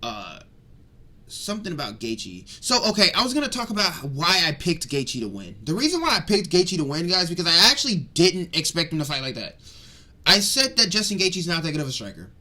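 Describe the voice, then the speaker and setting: A man's voice: fairly high pitch, a little fast. Fired-up young guy ranting about fights. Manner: excitable, rambling, swings between loud rants and mutters. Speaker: MMA commentary vlogger. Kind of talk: fired-up casual fight breakdown.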